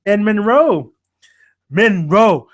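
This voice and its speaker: Male podcast host, casual anime chat, fairly high voice, animated, profane, mimics characters. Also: extremely slow.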